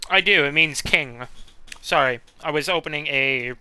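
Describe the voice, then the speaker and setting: A man's voice: a little high, moderate pace, sharp tone, clear, resonant tone. A man live-streaming a video game, chatty, reading dialogue choices aloud. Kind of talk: casual live game commentary.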